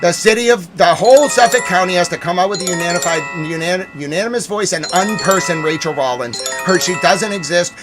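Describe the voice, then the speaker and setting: A man's voice: high-pitched, a little fast, few pauses, over loud music. Man in a theatrical mock-outraged rant. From Massachusetts. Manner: theatrical mock outrage, swinging between loud and muttered. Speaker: livestream host. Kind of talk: ranting live stream commentary.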